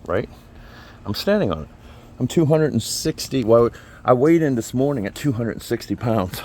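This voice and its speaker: A man's voice: on the low side, warm tone. Folksy man, casual talker, friendly reviewer of a gear product. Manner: chatty, folksy, repeats himself. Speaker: product reviewer, channel host. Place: outdoors by a vehicle, then indoor man cave.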